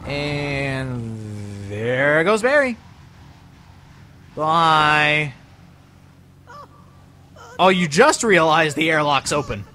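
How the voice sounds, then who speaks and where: A man's voice: a little high, expressive, drawn-out words, pauses often, pushed and bright, slight background noise. A young man giving rambling, joking commentary over a video game. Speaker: let's play commentator. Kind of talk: gameplay commentary.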